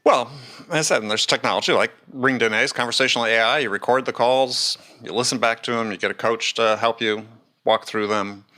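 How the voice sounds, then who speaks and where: A man hosting a podcast who explains his points in a measured way. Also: medium pitch, fairly even intonation, sharp tone. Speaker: podcast host. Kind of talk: conversational interview.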